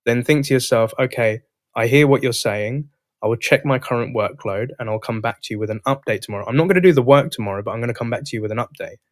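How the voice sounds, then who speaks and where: Male podcast host, mid-pitched, dry close sound, animated storyteller who acts out dialogue. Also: fast talker, dry recording. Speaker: podcast host and sales coach. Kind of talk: casual storytelling conversation.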